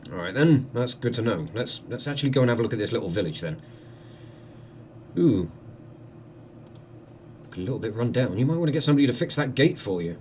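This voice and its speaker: A man's voice: medium pitch, animated, brisk, long pauses, a little mellow, a little hiss or hum. A man, commenting on a game he plays with wry, joking asides. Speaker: let's play host.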